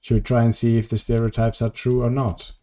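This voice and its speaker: A man's voice: medium pitch, little pitch movement, a little fast, warm tone. A tired man chatting casually on a live stream as he plays, rambling and answering his viewers' messages. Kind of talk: casual live-stream chat while gaming.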